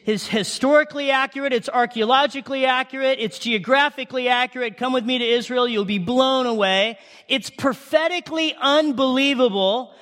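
A man preaching a sermon, animated, with rhetorical questions, sudden shouts and hushed asides. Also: very high voice. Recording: long hall reverb.

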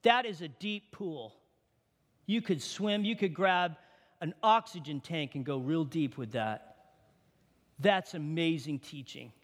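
A man preaching a sermon, reading scripture aloud with animated energy. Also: a little high, slow. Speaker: pastor. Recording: long hall reverb.

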